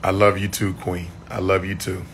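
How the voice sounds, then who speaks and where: A man chatting on a livestream, losing his voice, repeating shout-outs to his viewers. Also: sits low, level tone, normal speed, slight background noise. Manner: repetitive, call-and-response shout-outs to viewers. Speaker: livestream host. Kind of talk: casual livestream chat.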